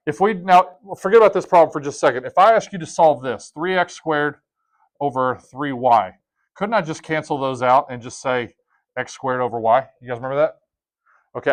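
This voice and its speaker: A man teaching a math class, talking casually to his students, joking and asking them questions. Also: medium pitch. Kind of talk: classroom lesson.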